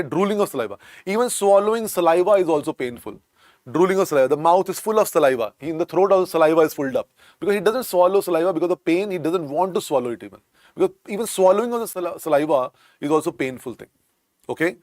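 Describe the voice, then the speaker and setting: A man's voice: on the high side, no echo, clean studio sound. A man with an Indian accent teaching a medical exam class. He drills each term over and over and mixes in Hindi words. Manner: drills terms by repetition, calls students "beta". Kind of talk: classroom lecture.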